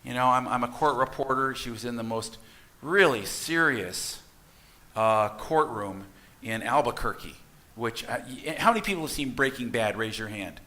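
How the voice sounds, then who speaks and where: This minister is a middle-aged man whose medium-pitched voice sounds expressive and sharp, moving at a moderate pace. Addressing his congregation in the church sanctuary, he spins a folksy, story-driven sermon and turns to the listeners with asides.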